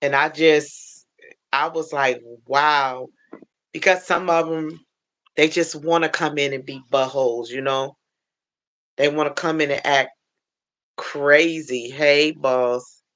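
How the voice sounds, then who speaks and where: A woman hosting a casual livestream on her phone, chatting warmly with viewers she calls baby and honey, greeting each one by name. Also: low-pitched, steady tone, takes it slowly. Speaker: livestream host.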